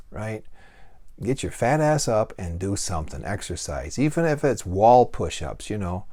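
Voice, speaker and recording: A man's voice: deep voice, darkish tone. A man talking straight to camera in a casual monologue, blunt and folksy, swearing freely and asking rhetorical questions. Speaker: vlogger giving life advice.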